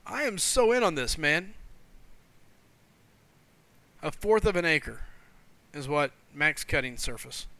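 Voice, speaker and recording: A man hosting a live stream, chatting excitably, laughing often and reading viewers' comments aloud. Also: fairly high pitch, slow, creaky, long pauses, no echo. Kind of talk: casual live-stream chat.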